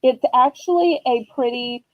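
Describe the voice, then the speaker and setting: Chatty high-voiced woman auction host. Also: a little slow, no room sound, dull audio. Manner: chatty, gushing and upbeat. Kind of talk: live selling stream chat.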